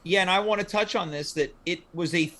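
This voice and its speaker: A man's voice: high voice, fast talker, pushed and bright. A man hosting a casual livestream chat, asking playful mock-formal questions. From Canada. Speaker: host.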